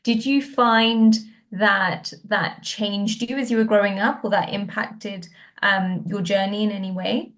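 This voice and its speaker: A woman's voice: medium pitch, fairly even intonation, measured pace, fairly bright tone. A woman co-hosting a podcast, asking inquisitive follow-up questions and sounding impressed by the answers. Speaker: podcast co-host. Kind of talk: conversational interview questions.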